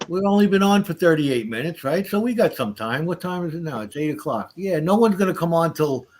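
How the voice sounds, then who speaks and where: A relaxed man hosting a casual live chat, his voice sitting a little high. He talks through each small task as he does it, easygoing and chatty. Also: a little fast, a little hiss or hum. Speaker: livestream host.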